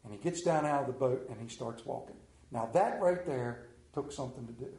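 A middle-aged male pastor preaching a sermon, telling the story with lively acted-out scenes and sudden drops to a hush. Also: fairly quick. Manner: animated storytelling, acts out scenes with big pitch swings. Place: room with a congregation. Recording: echoey room.

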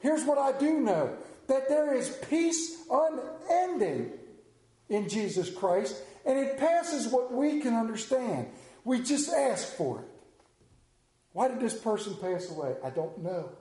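A man preaching a sermon as pastor, conversational and joking, often dropping to a hushed voice. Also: extremely high pitch, very animated, slow pace. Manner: humorous, conversational preaching with sudden hushed drops. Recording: roomy church echo.

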